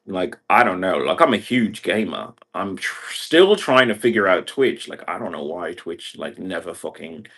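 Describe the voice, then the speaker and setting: A man's voice: sits low, big pitch swings, normal speed, hardly any pauses, a bit bright. A man from Brazil talking in a meandering livestream monologue, packing nearly every phrase with "like" and other fillers. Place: indoor room.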